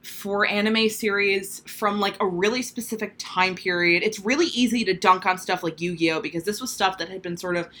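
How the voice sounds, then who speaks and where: A woman's voice: mid-range voice, moderate pace, hardly any pauses, fairly bright tone. A woman co-hosting a podcast in casual chat, rambling, swearing and laughing often. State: hard of hearing. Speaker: podcast co-host.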